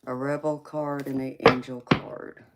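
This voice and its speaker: Low, slow Southern woman host. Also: flat delivery, heavy background noise. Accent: Southern American. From Southern United States. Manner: sassy, teasing, laughs often, calls viewers honey and baby. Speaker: tarot reader and livestream host. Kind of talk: casual livestream chat.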